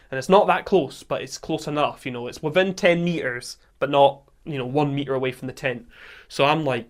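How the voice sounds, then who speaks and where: With a mid-range voice and a slightly quick pace, a podcast host with a Scottish accent shares a camping tale. He acts out quotes, laughs frequently, and keeps it casual and animated.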